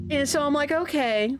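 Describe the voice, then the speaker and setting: A woman streaming a game, reading its text aloud and telling stories in a chatty, animated way. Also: background noise. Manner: chatty, animated storytelling with sudden pitch jumps. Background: background music.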